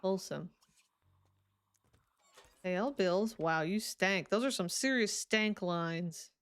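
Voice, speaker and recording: A woman's voice: medium pitch, slow pace, clean tone, dry recording. A young woman streaming a life-sim game, chatting casually and giggling as she talks to her characters, sleepy and yawning. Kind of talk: casual live game commentary.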